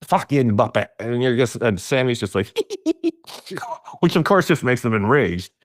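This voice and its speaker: A man's voice: mid-range voice, fairly quick, no echo, studio quality. A middle-aged man telling stories in casual conversation, laughing often and jumping his voice up for emphasis. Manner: animated storyteller, laughs often, voice jumps up for emphasis.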